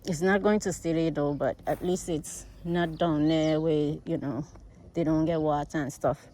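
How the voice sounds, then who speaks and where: A woman's voice: deep voice, fairly even intonation, moderate pace, dark tone, a little hiss or hum. An American woman chatting casually to her viewers while gardening outdoors, out of breath from digging in the heat. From United States. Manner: chatty, rambling, addresses viewers as guys. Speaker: vlogger. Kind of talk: casual farm vlog. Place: outdoors on a farm.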